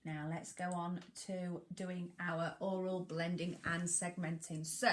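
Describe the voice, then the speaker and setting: A woman teaches phonics to young children, speaking slowly and deliberately. She sounds out each letter carefully, counts down before each task and gives encouraging praise. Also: fairly low pitch, flat delivery.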